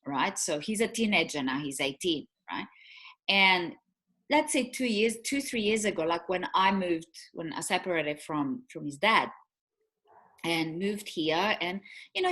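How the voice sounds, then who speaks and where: A woman's voice: mid-range voice, a bit bright. A woman in her forties, co-hosting a casual chat and telling a long personal story with many fillers and restarts. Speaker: co-host.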